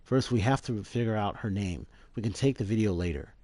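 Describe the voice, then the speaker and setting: A man's voice: lowish voice, a little fast, darkish tone, no room sound, close to an everyday voice. A man doing a doting professor father. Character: doting middle-aged male professor, devoted husband.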